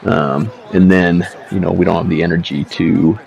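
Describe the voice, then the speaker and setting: Seated at home, a man who makes gaming videos talks over his play in a laid-back, profane, meandering way full of slang. He has a low voice with fairly even intonation, a moderate pace and vocal fry, and a crowd can be heard behind him. The lo-fi mic sounds slightly dull.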